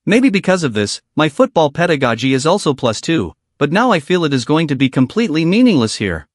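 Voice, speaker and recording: A man voicing an upbeat teenage football prodigy in a storybook recap, lifted a little in pitch and bouncing up and down as he speaks. The delivery stays plain and read-aloud. The sound is close and dry. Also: very animated, fairly quick, dry recording.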